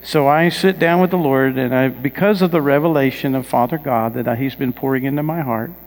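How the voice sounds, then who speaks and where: Speaking briskly in a mid-range voice, this male pastor shares personal stories in his sermon, building emphasis and posing questions to the congregation. A large hall's long reverb surrounds him.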